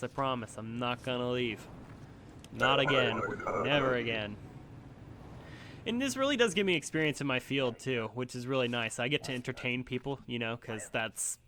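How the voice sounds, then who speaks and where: A man's voice: medium pitch, pushed and bright, a little hiss or hum. A man hosting a gaming channel, chatting casually over gameplay in a rambling, self-deprecating way full of ums and likes.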